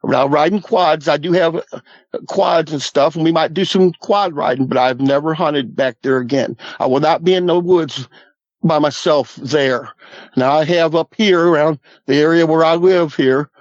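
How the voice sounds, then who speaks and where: Man, fifties, slightly high voice, earnest folksy storyteller, dry lo-fi audio. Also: normal speed, no echo. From Southwest Missouri Ozarks. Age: 50s. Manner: earnest, folksy, repeats "I said" and "he goes". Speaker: guest. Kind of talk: recounting a personal encounter.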